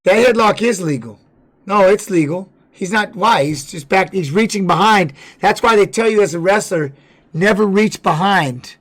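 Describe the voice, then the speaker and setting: Guy streaming live, kinda high voice, rambles and cusses a lot, super candid. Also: moderate pace, fairly bright tone, husky. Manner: rambling, heavy swearing; candid personal storytelling. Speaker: streamer and former fighter. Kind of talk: casual livestream chat.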